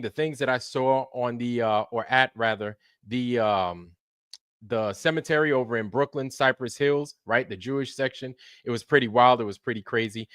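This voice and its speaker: A man hosts a live stream and greets viewers in chat one by one. He talks in a relaxed, colloquial way and repeats his welcomes. His voice sits at a middle pitch and the recording is dry and close. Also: no room sound. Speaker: livestream host.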